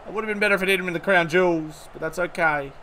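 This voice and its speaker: A young man streaming a cricket video game live, commentating excitedly, swearing and thanking followers. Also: high-pitched, rapid-fire, a little hiss or hum.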